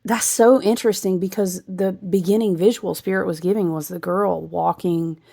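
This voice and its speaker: A woman's voice: on the low side, steady tone, moderate pace, creaky, dark tone. A woman giving a rambling, intuitive spiritual astrology reading, breaking into asides and laughs. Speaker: astrology reader.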